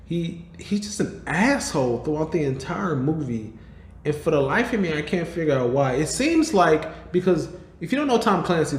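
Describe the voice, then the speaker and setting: Dude rambling thru a movie recap, swears a lot, cuts himself off, kinda echoey room. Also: male voice, mid-range voice. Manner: rambling, profane, self-interrupting. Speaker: podcast host. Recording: roomy echo.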